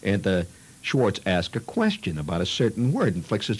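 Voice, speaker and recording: A man's voice: fairly low pitch, wildly swooping pitch, normal speed, slight background noise, low-quality recording. A man telling a childhood story in a rambling, conversational way, peppered with "you know" and "see".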